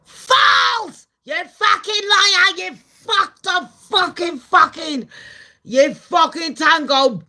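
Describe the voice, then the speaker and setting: A woman voicing an outraged male tech billionaire who shouts swear words. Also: mid-range voice, a little slow. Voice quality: shouting, profane.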